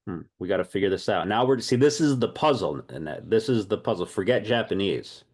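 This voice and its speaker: A man leading an online language class, lively and thinking aloud, often repeating himself. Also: lowish voice, fairly quick. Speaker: language teacher.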